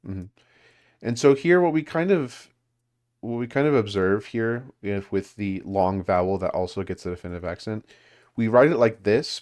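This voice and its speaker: Very low-voiced man leading a study group. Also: darkish tone. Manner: hesitant, filler-heavy explaining with restarts. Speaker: language study group leader. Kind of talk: casual teaching over a call.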